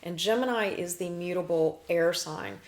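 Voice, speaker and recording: A woman with a somewhat low voice talks through her subject in a loose, chatty way. She explains in lists and often restarts a sentence midway. She sounds like a show host chatting with a guest. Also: normal speed. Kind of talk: casual explanatory chat.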